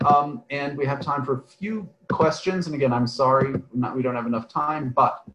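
A man's voice: medium pitch, steady tone, moderate pace, fairly bright tone, echoey room, slight background noise, poor audio. A man teaching an online class, talking in a discursive way, often asking "right?" and trailing off with "um". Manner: discursive, often adds "right?" and "um", restarts phrases. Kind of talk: online lecture with questions from the chat. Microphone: video call.

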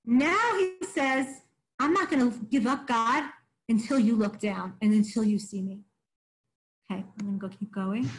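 A woman with a high, light voice leads a text study lesson. She reads verses in Hebrew and then translates them. As she explains, she keeps checking in with her listeners by asking "right?". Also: moderate pace, rough recording. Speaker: teacher.

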